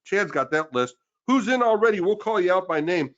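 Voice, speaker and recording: A man with a high-pitched voice co-hosts a live webinar sales pitch. He persuades emphatically, circling back over the same points again and again. The recording sounds dull and lo-fi. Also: expressive, a little fast, a bit bright. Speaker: webinar co-host.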